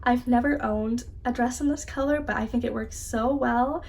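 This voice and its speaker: A young woman, chatting brightly as she shows off purchases in a travel vlog. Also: on the high side, fairly even intonation, moderate pace. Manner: bubbly, chatty, enthusiastic. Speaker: travel vlogger. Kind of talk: casual vlog narration. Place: cruise ship.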